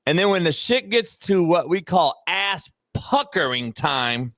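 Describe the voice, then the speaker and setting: A fired-up man hosts a sports talk show, swearing freely and swinging his voice up high as he makes his point. His tone sits a little higher than most men's. The sound is dry and close, with no room around it. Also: unhurried, dry recording. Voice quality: profane, emphatic, animated.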